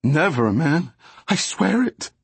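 A man doing a jittery, high-voiced young gangbanger. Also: big pitch swings, gravelly, slightly rough, no echo, heavily acted. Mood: pleading. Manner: pleading, fast and high-pitched. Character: panicky young male gang member, jittery.

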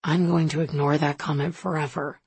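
A woman's voice: deep voice, little pitch movement, fairly quick, a little mellow, husky, no echo, pitched below the performer's own voice, heavily acted. Woman doing a wry, blunt grown man. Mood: dry. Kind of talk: audiobook character voice.

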